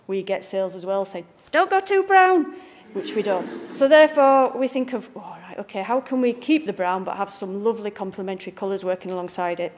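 This picture book art director from Bradford in northern England has a Northern English accent and a medium-pitched, darkish voice. She talks quickly with hardly any pauses, delivering a chatty, jokey informal lecture to a live audience in a library event room.

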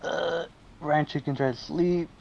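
A man's voice: on the high side, fairly even intonation, measured pace, creaky, a little mellow, lo-fi sound, slight background noise. A young man reading out game events to friends, laughing and swearing in surprise. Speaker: gaming video host.

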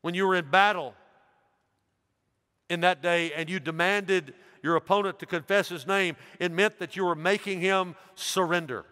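This older man, a pastor from the United States in his 60s, has a high-pitched voice with fairly even intonation and a moderate pace. He preaches a sermon emphatically, falling soft before climbing loud, in a church hall with long reverb.

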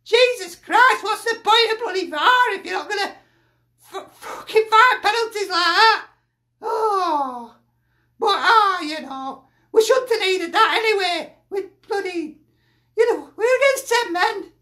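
Man playing a shrill old Lancashire aunty, sweary exasperated football rant, comic video. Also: animated, a little slow, pushed and bright, full character voice. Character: older northern aunty, ranting football fan, woman. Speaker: football pundit persona.

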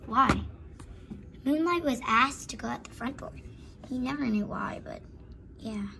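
A woman's voice: high-pitched, animated, moderate pace, vocal fry, background noise. A woman narrating an improvised horse story in a rambling, informal way.

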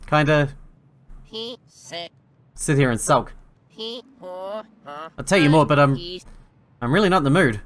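A man's voice: fairly high pitch, a bit bright. A man reading aloud a game's sulky young male ex-assistant who whines about his bad teeth, in a plain voice with a self-pitying ramble. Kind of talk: reading game dialogue aloud.

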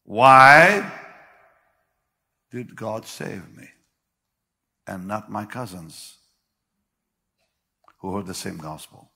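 An older man preaching a sermon, with sudden loud bursts and slow, drawn-out phrases. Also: sits low, creaky. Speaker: pastor. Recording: long hall reverb.

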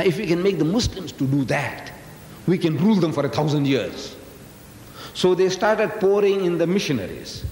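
In a large lecture hall, an older South African man of Indian descent delivers an Islamic lecture to a live audience, teasing them in a folksy way and frequently questioning them directly. His voice sits a little high and sounds slightly mellow. It's an echoey 1980s live recording with a bit of background noise.

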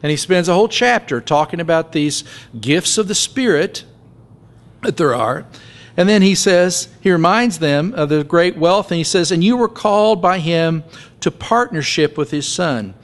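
A man's voice: fairly high pitch, lively intonation, normal speed. A man pastor giving a conversational sermon, joking and acting out little scenes as he preaches.

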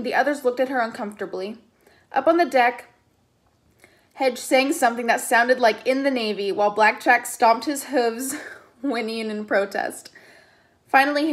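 A woman reads a novel aloud in a plain, steady narration, now and then stepping aside to comment casually. Her voice sits slightly higher than most. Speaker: reader.

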